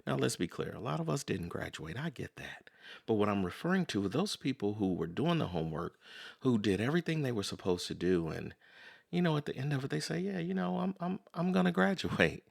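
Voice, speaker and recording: A man gives a motivational self-help talk. His lowish voice carries a gravelly edge and swings through a lively pitch range. He talks conversationally, circling back with repeated phrases. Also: fairly quick. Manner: conversational, repeats "so in other words"; acts out quoted voices. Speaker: podcast host.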